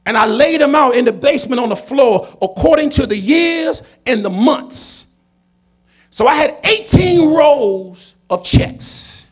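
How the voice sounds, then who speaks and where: A man, a comedian telling a story to an audience, preachy and emphatic, building to shouts. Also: extremely high pitch, animated, measured pace. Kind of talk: storytelling talk to a conference audience.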